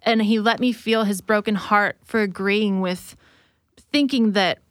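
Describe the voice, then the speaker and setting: A woman's voice: mid-range voice, a little slow, no echo, studio quality. A woman who leads worship, speaking earnestly and reflectively in a faith conversation, sometimes acting out remembered dialogue. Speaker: worship leader.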